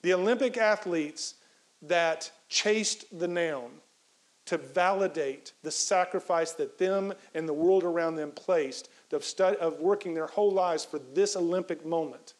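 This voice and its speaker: Man, high voice, motivational keynote, energetic, repeats phrases for emphasis. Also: measured pace, poor audio. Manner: coaches the audience through a breathing exercise. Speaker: professor giving a keynote talk.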